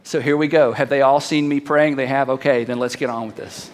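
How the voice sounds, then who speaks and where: A man voicing a calm, knowing man who prays quietly to God, in a soft, hushed, confiding way. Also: sits high, brisk, slight background noise, voice pushed down.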